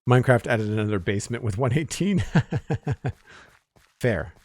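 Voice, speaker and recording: A man's voice: mid-range voice, measured pace, dry recording. A man casually chatting with viewers while playing a game on a live stream, thanking followers and commenting as he goes. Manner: relaxed, chatty, reads out chat names and thanks followers.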